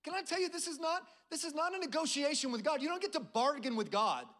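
A man's voice: very high voice, animated, fast, a bit bright. A middle-aged male pastor preaching a sermon, prompting the congregation to answer and acting out a proud general's complaints. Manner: preaching with call-and-response prompts.

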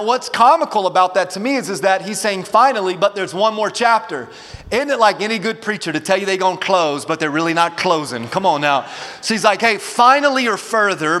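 A man's voice: high-pitched, pushed and bright, long reverb tail. A man preaching a sermon as pastor, urging his congregation to respond and repeat words after him. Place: church auditorium.

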